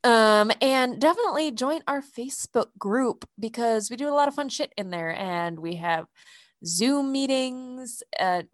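Tipsy, teasing podcast hostess. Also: female voice, a little high, expressive, unhurried, no room sound, clean studio sound. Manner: teasing, loose, laughing. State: slightly tipsy. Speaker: podcast co-host. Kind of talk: casual podcast banter.

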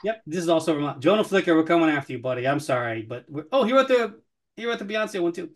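A man's voice: on the high side, very animated, fast talker. A man co-hosting a casual podcast, talking whiskey in a sarcastic, profane and mock-threatening way. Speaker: podcast co-host, whiskey commentator.

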